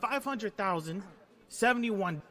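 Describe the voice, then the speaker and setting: A man's voice: high-pitched, expressive, a little slow, sharp tone, exaggerated voice. A man voicing a rambling elderly male president with a folksy, meandering way of talking. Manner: folksy, meandering, mumbled asides.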